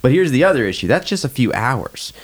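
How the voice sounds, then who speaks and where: A man's voice: mid-range voice, sing-song, a little fast. A man co-hosting a podcast, explaining a sales point in casual chat and asking rhetorical questions. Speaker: podcast co-host.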